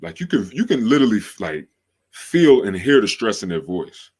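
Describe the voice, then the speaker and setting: Deep-voiced slangy male podcast host. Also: big pitch swings, a little mellow, slightly rough. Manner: slangy, drawn-out, repeats phrases for emphasis. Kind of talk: casual livestream podcast talk.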